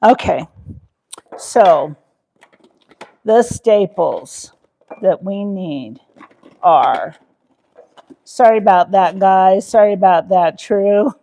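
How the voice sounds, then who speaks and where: A woman's voice: mid-range voice, very slow, vocal fry, long pauses, warm tone. A woman hosting a live cooking stream from her home kitchen, chatting loosely with her viewers as she works. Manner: chatty, rambling, talks to viewers in chat. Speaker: cooking livestream host. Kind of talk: casual live cooking chat.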